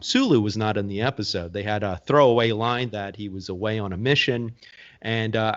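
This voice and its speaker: A man guest on a podcast, calmly recounting his story in an easygoing, measured way. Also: fairly low pitch, highs cut off. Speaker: guest, actor. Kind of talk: casual conversational recounting.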